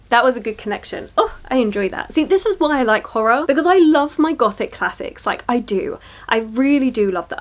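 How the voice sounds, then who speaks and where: A woman chatting casually in a reading vlog, excitable and rambling, gushing over books and a little tired. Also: on the high side. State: tired from early shifts. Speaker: book vlogger.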